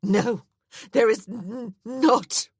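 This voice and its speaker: A woman's voice: a little high, measured pace, breathy edge, no echo, clean studio sound, pitched above the performer's own voice. A woman voicing a grief-stricken young widow in tearful, wailing outbursts. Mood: anguished.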